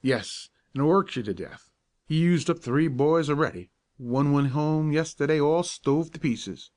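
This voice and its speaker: A man voicing a big, uncouth teenage boy who gives slow, low, earnest warnings. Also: expressive, a little mellow.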